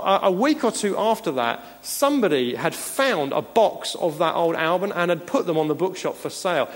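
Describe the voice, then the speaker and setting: Earnest preaching man in a reverberant hall. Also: on the high side. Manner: earnest, emphatic preaching with chuckles. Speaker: pastor. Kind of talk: sermon. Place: church hall. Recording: long reverb of a church hall.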